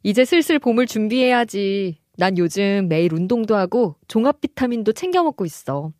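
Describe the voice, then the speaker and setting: A brisk young woman teasing a drowsy friend, played by a woman in a scripted radio dialogue. She talks very fast and her pitch swings widely, and the sound is close and dry. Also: expressive, darkish tone, no echo, natural voice. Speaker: dialogue voice actor.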